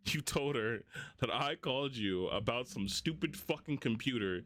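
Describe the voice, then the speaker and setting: A man's voice: mid-range voice, expressive, normal speed, fairly bright tone. A young man in a casual monologue, venting heatedly at a former friend with rambling, profane talk. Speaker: vlogger.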